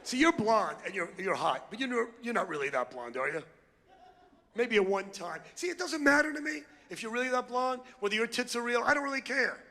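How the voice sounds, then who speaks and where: A man's voice: extremely high pitch, very animated, a little fast, bright, forceful tone. A brash, crude male stand-up comedian doing a routine with crowd work on a comedy club stage. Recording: long hall reverb.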